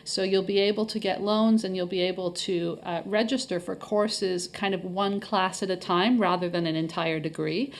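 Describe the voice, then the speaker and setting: A woman's voice: on the low side, fairly even intonation, normal speed, hardly any pauses. A middle-aged Canadian woman, a guest on a podcast interview, explaining things in a friendly way with many fillers. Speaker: head of marketing, interview guest.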